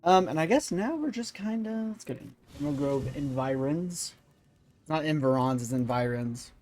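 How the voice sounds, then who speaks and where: A man's voice: on the high side, normal speed, a little mellow, a little hiss or hum. A man hosting a let's-play video, rambling and thinking aloud with many fillers. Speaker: gaming channel host.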